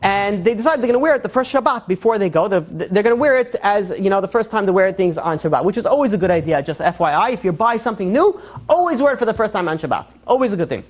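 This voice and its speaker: Rapid-fire male rabbi narrating a story to his listeners; animated, casual fillers. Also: sits high. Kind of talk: storytelling sermon.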